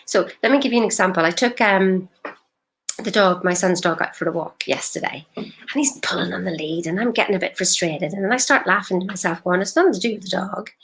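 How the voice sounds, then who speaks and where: Woman life coach, lowish voice, blunt and emphatic on a live stream. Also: a little fast, fairly bright tone. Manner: direct, emphatic, rhetorical questions.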